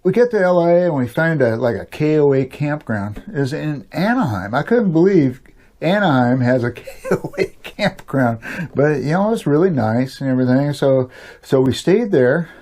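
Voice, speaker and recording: Older man, mellow, rambling storyteller. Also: fairly high pitch, animated, moderate pace. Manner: rambling, chuckles often, many "you know" fillers. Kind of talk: casual spoken storytelling.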